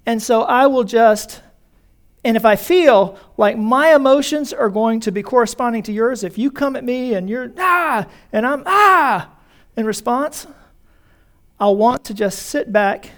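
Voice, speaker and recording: A male pastor preaching a conversational sermon in a church, calling his congregation folks. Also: extremely high pitch.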